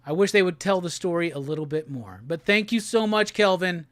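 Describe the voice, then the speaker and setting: A man's voice: sits high, animated, fairly quick, no room sound. A man hosting a casual live stream, reading viewer messages aloud and joking with the chat. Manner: reads viewer super chats aloud and jokes around. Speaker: livestream host. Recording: loud music playing behind the voice.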